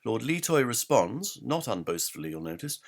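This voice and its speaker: A man giving an explanatory lecture, halting often with ums and reading quotations aloud. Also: mid-range voice, big pitch swings. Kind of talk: explanatory lecture on literary history.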